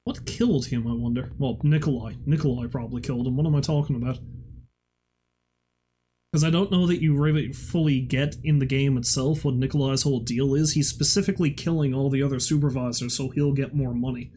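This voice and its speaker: A man's voice: medium pitch, fairly even intonation, fairly quick, warm tone, husky. A young man streaming a horror game, chatting sarcastically and reading in-game notes aloud. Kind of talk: let's play commentary, reading in-game documents aloud.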